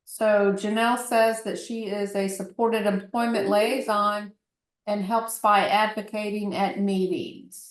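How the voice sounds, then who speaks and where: A woman's voice: medium pitch, flat delivery, measured pace. A woman moderating a webinar, reading audience comments aloud and inviting questions. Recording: roomy and distant.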